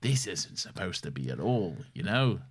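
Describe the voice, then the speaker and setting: Lively low-voiced man mocking on a podcast. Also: moderate pace. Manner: blunt, mocking, laughs often. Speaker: podcast co-host. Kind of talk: casual podcast chat.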